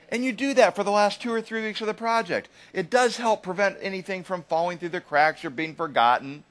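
Man, trainer lecturing a live room, high voice with a lively, swooping delivery. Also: fairly quick. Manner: animated, keeps checking in with "right?". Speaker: agile trainer.

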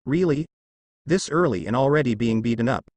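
A man's voice: mid-range voice, lively intonation, fairly quick, darkish tone, no echo, close to an everyday voice. A man voicing a cocky teenage male ninja in a storybook reading, in his own plain voice. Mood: offhand.

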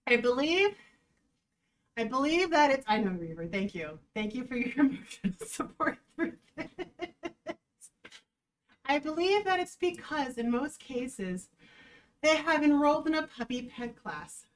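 A woman dog trainer giving casual reaction commentary, animated and sarcastic, often breaking into laughter. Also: high voice, measured pace, pauses often, far from the mic, low-quality recording.

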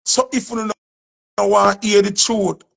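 A man's voice: high voice, level tone, a little slow, creaky, a bit bright. A Jamaican man from the dancehall scene, giving an emphatic, preachy speech and repeating his points. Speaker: dancehall artist. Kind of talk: impassioned speech to camera.

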